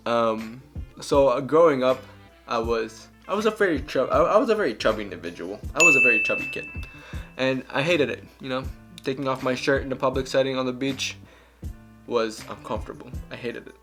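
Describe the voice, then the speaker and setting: Young male vlogger, gravelly, loose and joking, faint music bed. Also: mid-range voice, bright, forceful tone. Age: young adult. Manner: candid, joking, rambling. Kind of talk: casual Q and A vlog.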